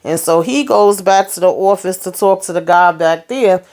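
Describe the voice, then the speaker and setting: A woman's voice: on the low side, moderate pace, darkish tone. Chatty woman recapping a TV episode. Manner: chatty, acts out characters' lines in quotes; loose slangy phrasing with fillers. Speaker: TV episode reviewer. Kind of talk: casual recap monologue.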